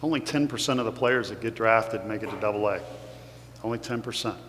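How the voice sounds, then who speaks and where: Speaking a little fast in a lowish, slightly bright voice, a Kentucky-accented man from Kentucky delivers a heartfelt, emotional motivational talk as a guest speaker. The audience fills a large hall, and the recording has echo and a faint hum.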